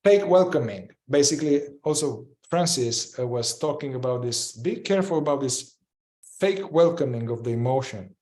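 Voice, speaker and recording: A man's voice: mid-range voice, animated, normal speed, darkish tone, roomy sound. A man teaching a group in a casual, reflective way, often repeating short phrases as he demonstrates a practice. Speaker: group facilitator.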